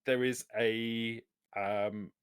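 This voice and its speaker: A man narrating as game master of a tabletop game, relaxed and halting, with many fillers. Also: mid-range voice, clean tone, no room sound, clean studio sound.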